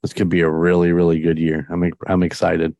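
Enthusiastic low-voiced podcast host. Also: male voice, completely flat delivery, fairly quick, darkish tone, no echo. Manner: enthusiastic, rambling, many restarts. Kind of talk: casual chat.

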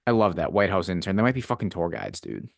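A man's voice: sits low, huge pitch swings, quick pace, vocal fry, dry recording, clean studio sound. A man co-hosting a podcast in casual chat, blunt and dismissive, swearing often. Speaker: podcast co-host.

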